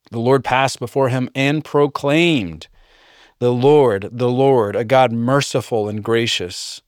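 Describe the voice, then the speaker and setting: Man, sermon, reads bible verses, jokey listener voices, dry close sound. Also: no room sound. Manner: reads scripture aloud, mimics listeners in jokey high voices. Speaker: pastor.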